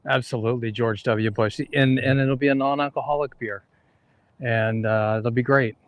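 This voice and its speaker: A man's voice: medium pitch, steady tone, normal speed, slight background noise, low-quality recording. A man playing golf on a livestream, laid-back and self-deprecating about his shots. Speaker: golfer and co-host. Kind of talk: casual chat. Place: golf course outdoors.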